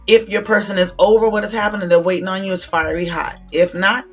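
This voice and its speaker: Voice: mid-range voice, little pitch movement, fast talker, soft background music. A tarot reader hosting a live-stream reading, talking casually and checking in with viewers with "okay?" again and again, with the odd swear word thrown in.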